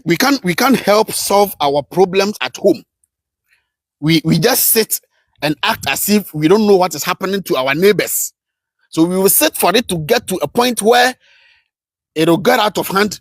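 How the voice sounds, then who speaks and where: Man, high-pitched, passionate political rant, rhetorical questions, shouts then mutters, live stream host. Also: slightly rough, no room sound.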